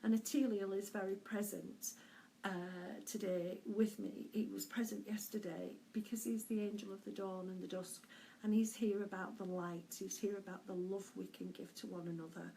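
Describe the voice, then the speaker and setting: A middle-aged woman, a spiritual medium, giving an unhurried, gentle weekly message with soft laughs and hesitant pauses. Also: mid-range voice, flat delivery, vocal fry, a little hiss or hum, rough recording.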